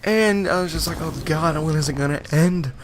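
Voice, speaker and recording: A man's voice: fairly high pitch, normal speed, background noise. A young man casually telling a rambling, exasperated story on his vlog, often laughing as he goes. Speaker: gaming channel vlogger.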